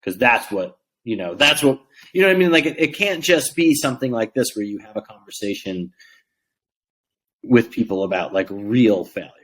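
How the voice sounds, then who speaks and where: A man's voice: mid-range voice, animated, moderate pace, a bit bright. A man co-hosting a podcast, thinking aloud in loose, hesitant sentences. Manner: thinks aloud, with many "like" fillers and restarts. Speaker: podcast co-host. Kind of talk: casual podcast chat.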